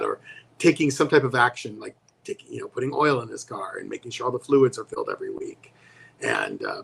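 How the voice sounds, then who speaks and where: A man's voice: mid-range voice, gravelly, fairly bright tone, breathy edge. A man co-hosting a talk show, chatting casually and rambling with many restarts. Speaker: co-host. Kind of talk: casual chat.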